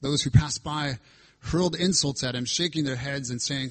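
Husky-voiced man preaching a sermon. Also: medium pitch, normal speed, a bit bright. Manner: preaches through scripture with dramatic emphasis. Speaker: pastor.

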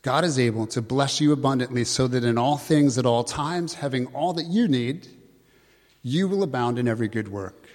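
A man preaching a sermon in an earnest, conversational way, slowing down to read scripture aloud. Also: medium pitch, darkish tone. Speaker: pastor. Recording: long hall reverb.

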